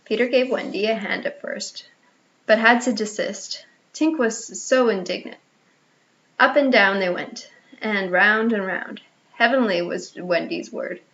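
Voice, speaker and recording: A woman narrating a children's storybook in an expressive reading voice, with small restarts. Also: medium pitch, a little slow. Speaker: audiobook reader. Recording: slightly muffled lo-fi audio.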